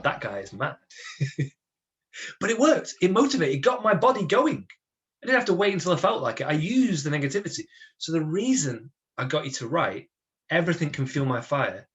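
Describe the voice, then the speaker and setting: Guy running a motivation webinar, mid pitch, chatty, keeps asking right? okay?. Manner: energetic, chatty, checks in with listeners with tag questions. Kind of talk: lively talk to an online audience.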